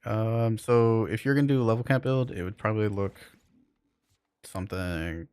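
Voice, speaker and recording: A man's voice: fairly low pitch, normal speed, darkish tone, smooth, no echo. A man streaming a game, chatting loosely with his viewers and rambling with lots of fillers. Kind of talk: casual live-stream chat with viewers.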